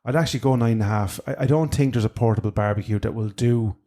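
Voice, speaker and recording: Irish man, casual podcast co-host, rambling, mid-pitched voice, chatty gear review. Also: quick pace, warm tone. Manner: rambling, with many restarts and fillers.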